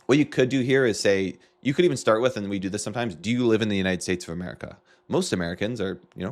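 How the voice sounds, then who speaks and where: Low-voiced man coaching on marketing. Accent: Canadian. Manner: casual, quick, joking asides. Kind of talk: screen-share tutorial.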